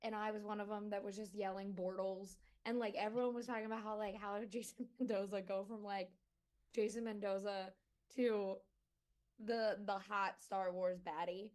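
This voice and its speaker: A woman's voice: medium pitch, level tone, moderate pace, darkish tone. Female interviewer, bubbly and rambling, casual chat.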